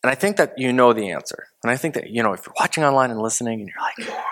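This man's sermon is conversational and quick-paced, with lively intonation as he asks rhetorical questions. As pastor, he alternates booming emphasis with hushed, low asides.

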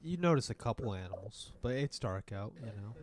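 A man's voice: lowish voice, animated, fairly quick. A young man in casual chat with friends, narrating and joking as game master of a tabletop game. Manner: joking, laid-back narration with fillers.

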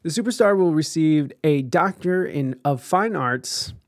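A man's voice: fairly high pitch, animated, a little slow, no echo, clean studio sound. A tired man doing casual reaction commentary. He reads news articles aloud and rambles, with frequent fillers and restarts. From United States. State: tired and yawning.

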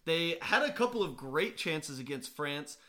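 A man's voice: a little high, sing-song, unhurried, bright, forceful tone. A young man co-hosting a sports podcast, chatting enthusiastically and laughing often. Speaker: podcast co-host. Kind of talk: casual sports chat.

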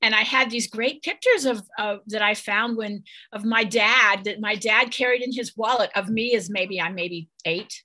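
Woman, interview guest, bright forceful tone, friendly and eager. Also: medium pitch, normal speed, hardly any pauses. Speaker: author guest. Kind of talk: casual chat.

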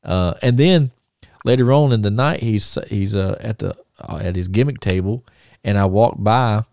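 Guy on a podcast, low voice, dry close mic, lots of ums and uhs. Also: moderate pace, vocal fry, darkish tone, no echo. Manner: rambling with many fillers and restarts. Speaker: podcast co-host. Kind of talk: casual storytelling.

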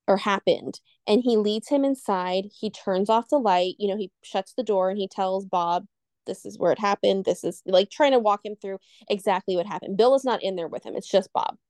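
A woman's voice: medium pitch, a little mellow, no echo. Woman co-host, casual, digresses while telling scary tales; dry, close recording. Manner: rambling, loses her train of thought, quick asides. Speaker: podcast co-host, storyteller.

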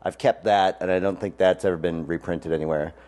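A man with a fairly low voice, sharing stories as a guest in a relaxed interview. He talks freely and laughs often. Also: fairly quick. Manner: chatty and anecdotal, laughs easily. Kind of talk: casual interview chat.

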